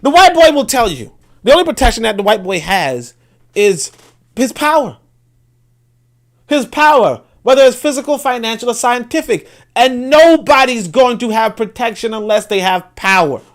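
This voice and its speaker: A man's voice: very high voice, expressive, normal speed. A man with a Brooklyn accent hosting a livestream, making emphatic points and repeating words as he builds an argument. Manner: reads viewer comments aloud. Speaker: livestream host. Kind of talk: casual livestream commentary.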